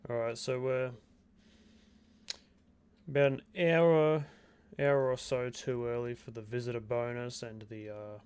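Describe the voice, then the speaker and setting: A man's voice: medium pitch, fairly even intonation, a little slow, pauses often, a little mellow, smooth. A young Australian man with an Australian accent, rambling casually as he comments on his own gameplay on a stream. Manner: rambling, chatty, laid-back, self-talk while playing.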